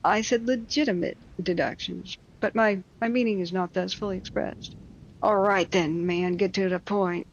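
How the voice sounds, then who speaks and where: Woman, story reader, wry mocking asides, explains old words, gravelly, muffled lo-fi recording. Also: mid-range voice, steady tone, moderate pace, a little hiss or hum. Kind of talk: reading a classic story aloud with asides.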